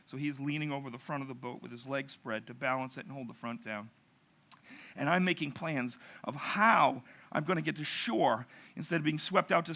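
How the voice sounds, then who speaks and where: A middle-aged pastor telling a narrative sermon, acting out quotes with dramatic pauses. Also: male voice, medium pitch, sharp tone.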